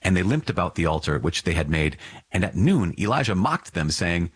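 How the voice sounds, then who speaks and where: A man reading scripture aloud in a measured, solemn narration. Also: sits low, very animated, slightly rough, dry recording. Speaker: scripture reader.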